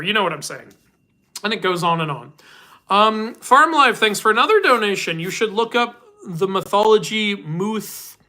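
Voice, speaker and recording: A man's voice: sits high, pushed and bright. A man hosting a casual live-stream Q&A, chatty and rambling, laughing often as he answers questions. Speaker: host.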